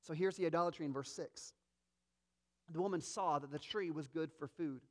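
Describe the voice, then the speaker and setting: High-voiced man preaching a sermon. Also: normal speed. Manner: expressive preaching with dramatic quoted voices. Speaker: pastor.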